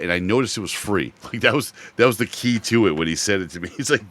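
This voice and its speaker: A middle-aged man hosting a podcast, chatting casually about games and telling animated stories, swearing freely. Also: fairly low pitch, fast. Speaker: podcast host. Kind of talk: casual chat.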